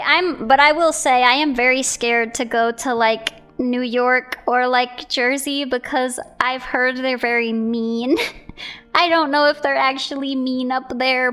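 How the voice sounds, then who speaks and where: A woman's voice: a little high, fairly bright tone, clean tone. A young woman streamer chatting casually about viewer art, rambling with giggles and self-corrections. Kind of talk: casual chat.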